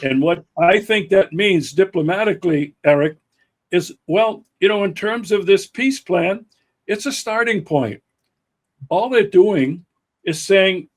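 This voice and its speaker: A man hosting a political talk show, speaking slowly and emphatically with frequent fillers and restarts. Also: high-pitched, lively intonation. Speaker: podcast host. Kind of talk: political commentary chat.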